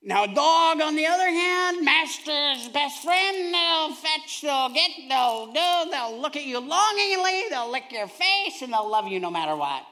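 A man preaching a sermon, telling a humorous family story in a lively, conversational way. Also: very high voice, a little slow, hardly any pauses. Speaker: pastor.

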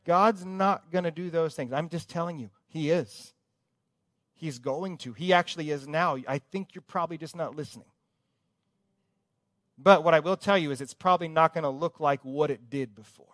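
A man preaching a sermon, repeating words for emphasis and swinging between loud urgent calls and hushed quiet passages. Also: fairly high pitch, moderate pace, dry recording, clean studio sound. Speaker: pastor.

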